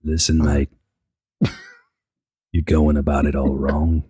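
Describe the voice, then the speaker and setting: A man putting on a mock English accent to voice a calm, laid-back Englishman who talks softly and soothingly. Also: very deep voice, slow, husky, dry recording, studio quality, voice pushed down, exaggerated voice.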